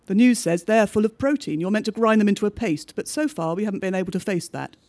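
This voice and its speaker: A man reading a bleak diary-style story aloud, with measured, understated narration. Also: sits high, darkish tone.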